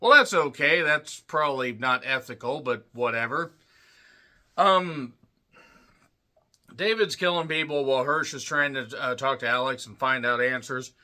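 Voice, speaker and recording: A man giving a rambling, irreverent movie review with crude jokey asides, often clearing his throat. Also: mid-range voice, unhurried, sharp tone. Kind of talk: casual movie review monologue.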